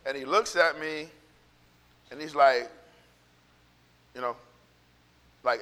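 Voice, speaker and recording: A man preaching in a church, with a fairly high, bright voice. He rambles and repeats himself, then builds into fervent encouragement. A long hall reverb trails his words. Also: slow pace, long pauses, smooth. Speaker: pastor. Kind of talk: casual sermon storytelling. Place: church sanctuary.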